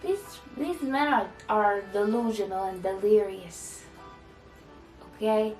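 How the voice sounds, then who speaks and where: A young woman vlogger telling a dramatic storytime, acting out quoted dialogue in a lively way. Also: medium pitch, slow pace. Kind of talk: storytime vlog. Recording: roomy echo from a distant mic with faint music.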